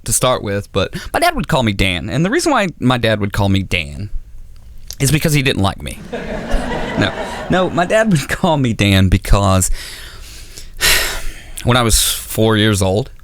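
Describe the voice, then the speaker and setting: A man's voice: on the low side, wildly swooping pitch, measured pace, long pauses, fairly bright tone, dry recording. A man doing a stand-up set on stage, rambling and self-mocking with stammering restarts. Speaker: stand-up comedian. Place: comedy auditorium stage.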